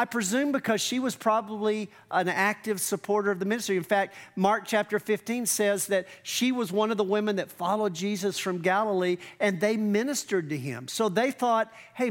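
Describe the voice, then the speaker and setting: A pastor preaching a sermon in a conversational, emphatic way, acting out quoted lines. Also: medium pitch.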